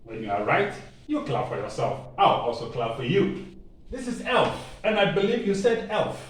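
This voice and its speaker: A man from Ghana with a Ghanaian English accent, teaching an online language lesson with slow, emphatic drilling, repetition and playful asides. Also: fairly high pitch, big pitch swings, far from the mic. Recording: very echoey room, voice off-mic, faint ambient noise.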